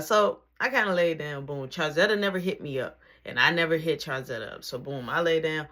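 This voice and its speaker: A woman telling a personal story in a casual, slangy way, with animated bursts and drops to near whispers. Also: fairly low pitch, a little fast, hardly any pauses.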